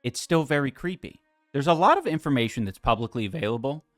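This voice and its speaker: A man's voice: medium pitch, animated, quick pace, faint music behind. A man hosting a podcast stream, reacting to a clip with exasperated, sarcastic commentary and plenty of swearing.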